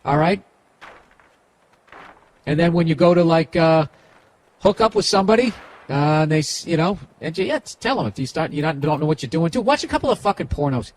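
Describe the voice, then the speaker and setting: A man's voice: on the high side, lively intonation, fairly quick, pauses often, a little hiss or hum. Profane rambling man with a Boston accent. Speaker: podcast host. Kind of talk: comedic advice rant.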